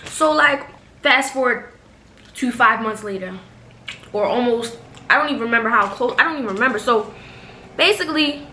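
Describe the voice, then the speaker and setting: A woman's voice: a little high, moderate pace, pauses often, pushed and bright. A young woman vlogger chatting casually through a storytime while eating at home, rambling with lots of fillers. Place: home bedroom, little brother playing nearby. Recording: echoey room with faint noise.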